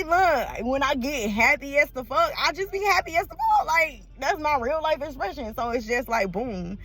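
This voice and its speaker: A woman's voice: sits high, fairly bright tone. Woman vlogger, raw, swearing freely, close to tears. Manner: emotional, swings between laughing and crying; blunt and profane, heavy slang. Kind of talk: casual personal vlog talk.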